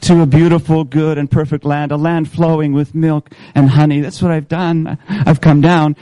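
A man, a pastor, voicing God speaking from a burning fire, slow and authoritative, in a low mellow voice. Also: little pitch movement, no room sound, natural voice, low-quality recording. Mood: solemn.

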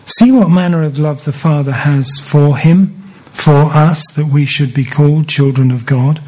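A male preacher delivers his sermon at an unhurried, measured pace, lingering on words and stacking phrases for weight. His voice sits a little high for a man and carries a husky, breathy grain. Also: darkish tone, rough recording. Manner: deliberate, repeats key phrases for emphasis.

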